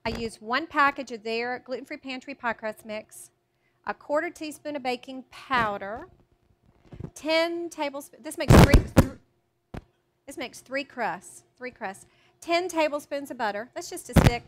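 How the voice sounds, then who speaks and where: A woman's voice: high-pitched, a little slow, heavy background noise. A woman giving a live cooking demonstration to an audience, chatty and self-deprecating, with frequent restarts. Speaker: cookbook author doing a cooking demo. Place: teaching kitchen with a live audience.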